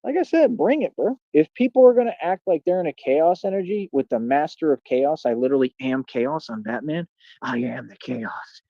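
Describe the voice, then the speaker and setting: A man's voice: fairly high pitch, animated, moderate pace, vocal fry, dry recording. Combative man ranting on a livestream. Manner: combative, taunting, repeats catchphrases. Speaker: livestream host. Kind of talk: casual live-stream rant. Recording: dull, dry home stream audio.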